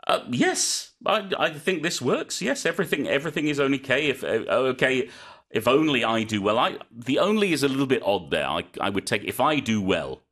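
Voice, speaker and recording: A man, relaxed and thoughtful, explaining English phrases as a tutor in casual chat. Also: mid-range voice, fairly quick. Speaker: English tutor on a radio show.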